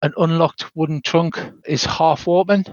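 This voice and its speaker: An older British man running a tabletop game as game master, narrating scenes with dramatic pauses. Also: a little high, steady tone, dry recording, dull audio.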